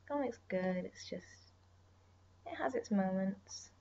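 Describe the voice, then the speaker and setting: A woman's voice: mid-range voice, a little slow, highs cut off, slight background noise. A tired young woman chatting in a rambling, casual way about her drawing as she works, sometimes dropping to a whisper. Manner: rambling, chatty, drifts into soft whispers and sighs. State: tired, yawning. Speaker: artist streaming her drawing.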